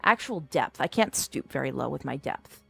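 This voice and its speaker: A woman's voice: rumbling low, expressive, moderate pace, creaky, husky, dry recording. A woman streaming a game in casual chat, playful and trying out silly voices.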